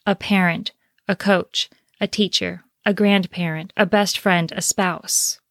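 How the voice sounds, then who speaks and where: A woman confidence coach giving an earnest motivational talk, slowing down to stress key phrases. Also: on the low side, steady tone, fairly bright tone, no echo, clean studio sound.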